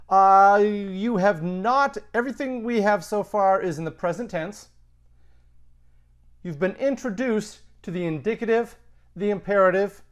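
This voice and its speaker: A middle-aged man teaching a recorded Latin grammar lesson, conversational and emphatic with punchy asides. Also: sits high.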